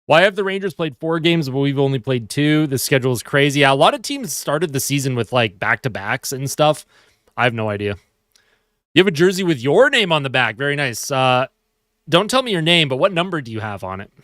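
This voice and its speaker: A sleepy man hosts a live fan stream from his desk at home, answering viewer comments in loose, easy chat. His voice sits at an everyday middle pitch and sounds close and dry, with no room echo. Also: very animated, fairly quick, fairly bright tone. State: sleepy, yawning. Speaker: livestream host.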